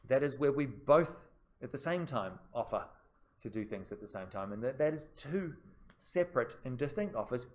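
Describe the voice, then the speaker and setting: A man's voice: mid-range voice, animated, moderate pace. A man giving a live business law seminar in a casual, conversational way, talking straight to his students and repeating the key points. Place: classroom.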